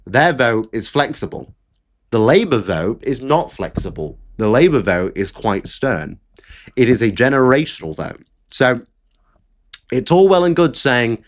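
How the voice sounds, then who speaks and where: A man's voice: medium pitch, big pitch swings, a little slow. A man hosting political commentary, talking bluntly and with frequent swearing in an exasperated rant. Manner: blunt, profane, exasperated ranting.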